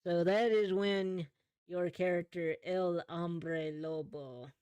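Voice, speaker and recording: A man narrates a tabletop role-play as game master, relaxed and often chuckling. His voice sits a little high and is recorded close and dry. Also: slow, smooth, no echo.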